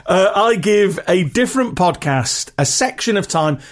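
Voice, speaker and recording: A man's voice: high-pitched, expressive, a little slow. A man with a regional British accent hosting a podcast in a chatty, rambling, self-deprecating way. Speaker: podcast host. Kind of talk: casual solo podcast talk.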